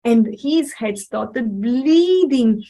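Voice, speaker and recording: Animated woman telling a story to a child. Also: a little high, very slow, low-quality recording. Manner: animated, questioning, acts out voices.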